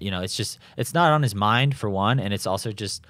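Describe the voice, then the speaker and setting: A man's voice: deep voice, fairly quick, hardly any pauses, fairly bright tone, no room sound, studio quality. A young man, a professional triathlete, chatting loosely in an interview, full of restarts and fillers. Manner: rambling, many restarts and fillers, laughs at his own stories. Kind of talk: casual conversational interview. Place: home in Boulder.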